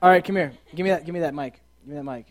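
Speaking very fast in a slightly high voice, a man hosts a podcast in front of an audience. His casual talk to the group is full of jokes, repetition, and encouragement to participate.

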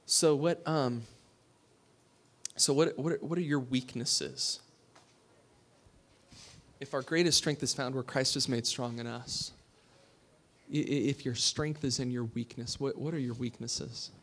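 A pastor giving a sermon. He talks in a conversational way, asks his listeners questions and drops to a hush for emphasis. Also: mid-range voice, steady tone, a little slow, long pauses.

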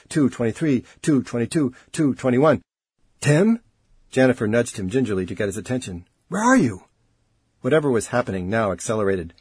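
A man narrating an audiobook in an expressive, dramatic way. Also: mid-range voice, slightly rough, no room sound.

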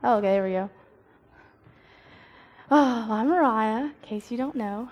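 A woman's voice: on the high side, a little slow, highs cut off. A young woman giving a casual devotional talk, telling stories and acting out her own thoughts. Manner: chatty, storytelling, acts out her own inner dialogue. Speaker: youth speaker. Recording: long reverb of a hall.

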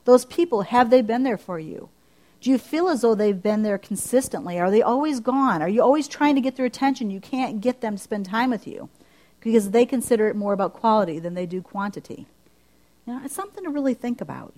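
A middle-aged woman preaching a sermon in a conversational way, asking her listeners one question after another and jumping up in pitch as she acts out her own prayers. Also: brisk. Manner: lively, climbing high when acting out her own prayers.

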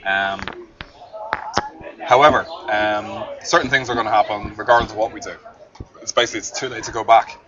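A man's voice: lowish voice, steady tone, fairly quick, long pauses, a crowd in the background. A man co-hosting a podcast, chatting casually over beers and swearing freely. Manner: laid-back, swears casually. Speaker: podcast co-host. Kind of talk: casual beer-drinking chat. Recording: distant lo-fi mic with hiss.

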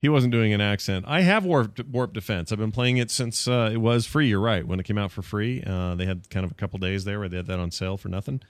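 A podcast host with a lowish voice, recorded close and dry with no room sound. He rambles along in a joking way, full of quick asides. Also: no echo. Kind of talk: casual chat.

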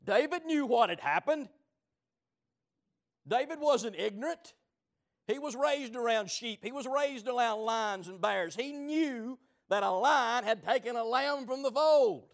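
A man preaching a sermon, telling stories dramatically, swinging between shouting and low murmurs. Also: expressive, a little slow.

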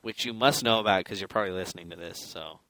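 Bright-voiced man ranting about comics. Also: low-pitched, fast talker, dry recording, poor audio. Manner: rambling, laughing, acts out quotes. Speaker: podcast co-host. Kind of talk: casual comic book chat.

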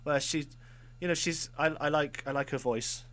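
A man's voice: fairly high pitch, normal speed, fairly bright tone, a little hiss or hum. A young man co-hosting a student radio show, rambling and self-mocking in casual banter. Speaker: radio co-host. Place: radio studio.

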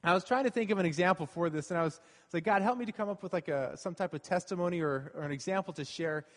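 A high-voiced man preaches a sermon fast, in an earnest, conversational way, repeating key phrases as he goes back over his main points. He sounds like a pastor speaking directly to his congregation, with long church-hall reverb.

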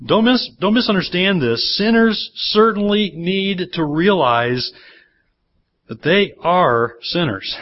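A male pastor preaching a sermon, often putting rhetorical questions to the congregation. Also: high-pitched. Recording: dull lo-fi church sermon recording.

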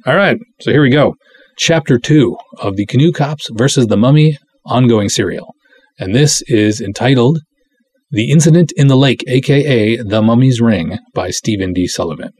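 A man's voice: medium pitch, lively intonation, moderate pace, a little mellow, husky. A man hosting a podcast, theatrically reading a pulp detective serial aloud. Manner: playful, theatrical delivery. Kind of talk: dramatic reading of a pulp story.

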